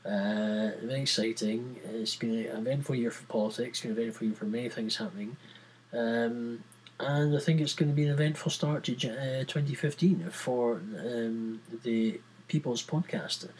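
A man's voice: medium pitch, normal speed, slight background noise, low-quality recording. A man hosting a podcast on his own, chatting casually in a rambling, jokey, self-mocking way. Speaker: podcast host. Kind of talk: casual solo podcast chat.

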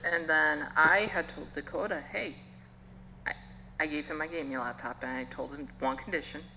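A woman's voice: deep voice, normal speed, pushed and bright. A woman co-hosting a podcast in casual chat, blunt and jokey, laughing often, on a lo-fi recording with reverb. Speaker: podcast co-host. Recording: lo-fi with hall reverb, faint hum.

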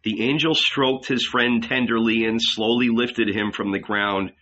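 A male narrator reads a literary novel aloud in slow, measured tones. His voice is bright and clear, though the recording itself sounds dull and lo-fi. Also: medium pitch, fairly even intonation. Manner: slow, measured, solemn reading. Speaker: audiobook narrator.

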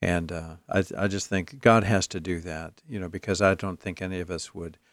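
A man's voice: deep voice, fairly even intonation, moderate pace, no room sound, clean studio sound. A man co-hosting a talk show, reflecting aloud with frequent fillers. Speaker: radio show co-host.

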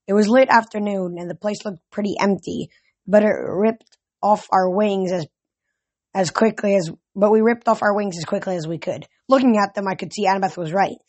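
A man reading a novel aloud as a fan audiobook, steady with occasional slips and restarts. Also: high-pitched, normal speed, no echo. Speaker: audiobook reader.

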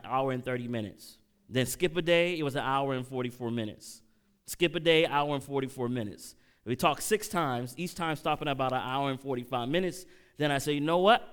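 A middle-aged man delivering a sermon in a lively, animated way. His voice rises and falls widely as he tells stories and keeps asking the congregation whether they are following along. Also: mid-range voice, moderate pace, smooth. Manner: animated preaching, audience call-outs, emotional storytelling. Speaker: pastor.

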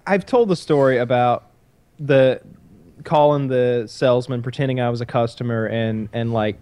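A man's voice: mid-range voice, normal speed, dark tone, clear, resonant tone. A man telling a long story in casual chat, profane and rambling. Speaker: podcast storyteller.

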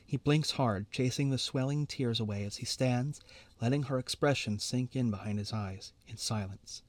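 A man's voice: mid-range voice, moderate pace, no room sound. Man reading a story, dry and close. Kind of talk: fiction reading aloud.

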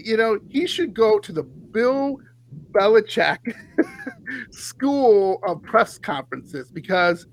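A man hosting a sports podcast, ranting in an animated, heated way and laughing often. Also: high voice, poor audio. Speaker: podcast host.

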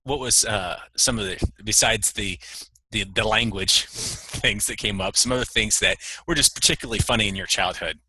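A man with a low, very bright, husky voice asks curious questions in loose, rambling bursts. His voice sounds dry and close to the mic. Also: normal speed, no room sound, rough recording. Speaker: interviewer. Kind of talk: casual interview chat.

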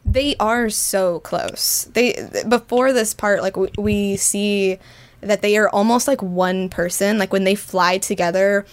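A woman hosting a podcast in a casual book-club chat, talking fast and animated with lots of fillers. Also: medium pitch. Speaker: podcast host.

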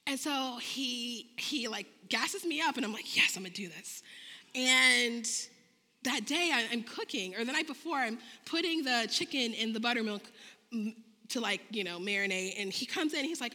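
Bright animated woman preaching in a hall. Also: moderate pace. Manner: animated, acts out dialogue with big pitch jumps. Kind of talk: sermon with storytelling. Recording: long reverb of a large hall.

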